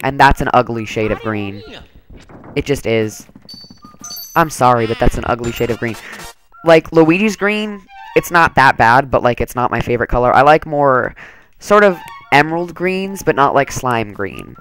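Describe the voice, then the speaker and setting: A man's voice: medium pitch, a bit bright, poor audio. A man giving rambling, casual commentary over his gameplay, full of "like" and "um". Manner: chatty, rambling, lots of "like". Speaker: let's play commentator.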